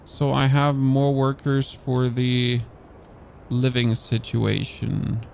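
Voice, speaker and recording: A man's voice: mid-range voice, level tone, slow, vocal fry, a little mellow, a little hiss or hum. A man from Germany with a German accent, commentating casually on a game he is streaming, thinking aloud and talking to his chat.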